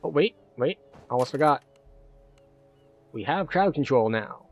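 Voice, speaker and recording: Guy streaming a game, chatty and thinking out loud, mid-pitched, faint music behind. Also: lively intonation, measured pace. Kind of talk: live-stream gameplay commentary.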